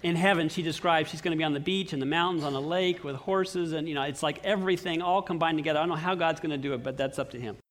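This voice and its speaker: Middle-aged man, pastor, sermon in a church, high-pitched voice, earnest storytelling. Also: fast, few pauses.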